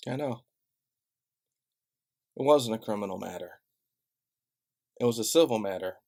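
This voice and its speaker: Gravelly sarcastic man ranting. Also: lowish voice, animated, a little slow, a little mellow. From Chicago. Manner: sarcastic, profane, heated. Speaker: vlogger. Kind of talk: direct-to-camera rant.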